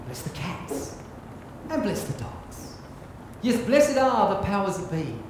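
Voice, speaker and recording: A man in full character voice as a boisterous old-time pirate captain gives an earnest recital of songs and rhyming poems on stage for a live crowd. He speaks slowly in a high voice with big pitch swings, in an echoey theatre with music and noisy background.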